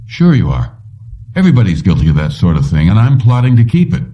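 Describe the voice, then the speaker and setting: A man's voice: deep voice, wildly swooping pitch, dark tone, recorded from a distance, lo-fi sound. A man doing a somber, weary police chief. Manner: somber, measured. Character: somber middle-aged male police commissioner, weary.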